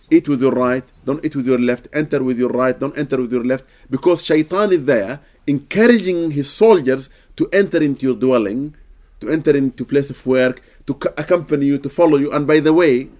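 A man's voice: on the high side, darkish tone. A man answering questions as an Islamic teacher in a casual talk, earnest and checking understanding with frequent "okay?".

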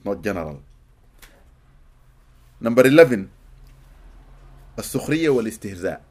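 A man from Sudan, giving an animated, expressive religious lecture to a live audience in a hall and often laughing. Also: on the low side, fast talker. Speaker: Islamic teacher.

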